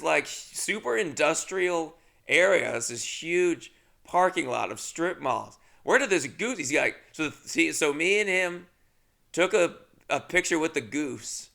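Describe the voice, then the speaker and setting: A man's voice: a little high, animated, measured pace, vocal fry, bright, forceful tone. A man hosting a podcast, telling a rambling, self-deprecating comedic story and acting out both sides of the conversation. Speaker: podcast host.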